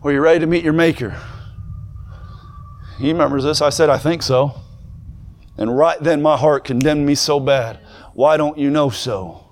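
Fervent young preacher, high voice. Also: male voice, steady tone, moderate pace, pauses often. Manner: builds from conversational to shouted, fervent preaching. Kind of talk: sermon.

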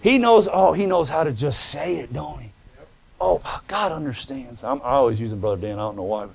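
A male preacher giving a fervent sermon, calling out to the congregation and swinging between shouting and hushed tones. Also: mid-range voice, expressive, brisk, creaky, noisy background.

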